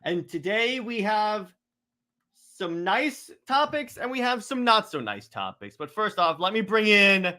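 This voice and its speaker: Bright-voiced male podcast host. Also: sits high, big pitch swings. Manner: brisk and teasing, stumbling restarts. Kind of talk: casual podcast chat.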